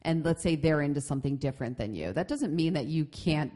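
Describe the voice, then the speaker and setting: Low-voiced woman giving life advice. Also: a little fast. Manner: animated, many restarts and fillers. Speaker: podcast co-host. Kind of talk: casual advice chat.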